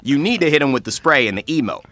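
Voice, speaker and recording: A man's voice: medium pitch, expressive, bright, forceful tone, no room sound, voice pushed up. A man voicing a cocky, teasing male game announcer for a video game voice pack. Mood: swaggering. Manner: slow, swaggering hype with laughs.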